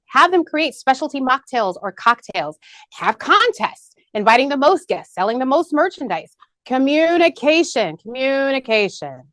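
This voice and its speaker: A woman's voice: on the high side, fairly bright tone, no echo. A woman presenting to a team in an upbeat business meeting, peppy and rallying, repeating key points. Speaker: marketing presenter. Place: video call meeting.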